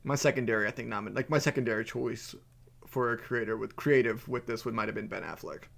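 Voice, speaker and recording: Gravelly-voiced male podcast co-host. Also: mid-range voice, fast, a bit bright. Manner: joking, blunt, swears casually. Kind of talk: casual chat.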